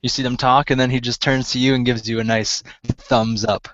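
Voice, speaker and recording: A man narrating as game master in a relaxed way, with many fillers. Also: medium pitch, brisk, highs cut off, slight background noise.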